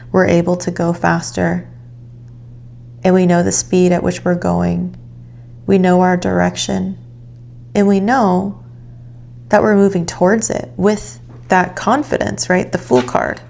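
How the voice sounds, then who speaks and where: Calm lady doing a tarot reading, talks real slow, bit of vocal fry, gentle guiding tone. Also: on the low side. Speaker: tarot reader.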